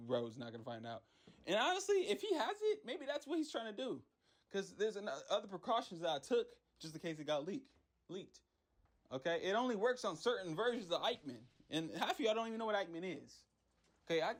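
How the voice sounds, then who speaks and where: A young man who makes game characters, ranting in a rambling, frustrated way with lots of slang and repeated words. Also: a little high. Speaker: MUGEN character creator. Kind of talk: casual ranting vlog.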